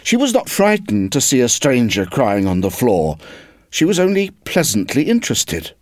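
A man reading a classic children's story aloud for a language lesson, telling it slowly and with care. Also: medium pitch, huge pitch swings, a little mellow, no room sound, clean studio sound. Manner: slow, deliberate storytelling. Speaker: reader of a lesson text. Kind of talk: expressive read-aloud narration.

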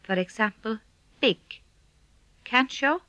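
A woman teaching pronunciation in a slow, measured scripted lesson, demonstrating each sound. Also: mid-range voice, expressive, fairly bright tone, no echo, muffled recording. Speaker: language teacher.

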